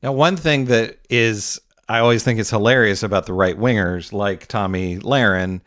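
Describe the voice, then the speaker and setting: A man hosting a reaction video, mocking his opponents' arguments in quick paraphrased bursts. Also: fairly low pitch, a bit bright. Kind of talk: commentary over clips.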